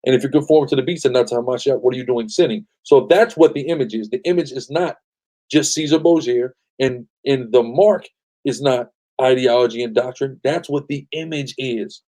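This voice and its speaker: A man's voice: mid-range voice, brisk, dark tone. A man hosting a live-stream bible study, preaching emphatically, often asking "right?" and telling the reader to go ahead. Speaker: host leading a scripture study.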